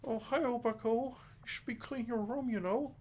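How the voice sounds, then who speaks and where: A man voicing a high-pitched male frog puppet that lectures like a stern self-help guru, with a nasal warbling scold. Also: normal speed, darkish tone, slight background noise. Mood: mock-lecturing.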